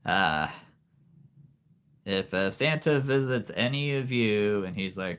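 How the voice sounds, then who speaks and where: Slow, low-voiced man chatting on a livestream. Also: animated, fairly bright tone, smooth. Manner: rambling, laughs often, many fillers. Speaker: livestream host. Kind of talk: casual livestream chat with viewers.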